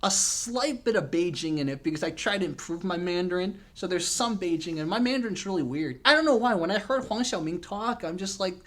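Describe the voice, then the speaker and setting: A man's voice: sits high, animated, a little fast, hardly any pauses, a bit bright. A young man hosting a casual chat, talkative and self-deprecating, peppering his sentences with "man". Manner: chatty, self-deprecating, says "man" a lot. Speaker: host.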